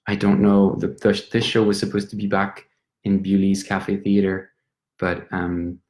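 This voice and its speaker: A man with a French accent, an actor and playwright, thanking viewers in a relaxed, hesitant way with many pauses. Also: low voice. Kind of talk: livestream sign-off. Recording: roomy echo.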